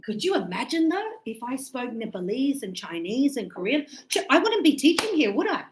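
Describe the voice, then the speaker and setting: A woman's voice: sits high, sing-song, normal speed, a little hiss or hum, low-quality recording. A woman teaching English pronunciation to a class, explaining step by step, repeating words and checking that students follow.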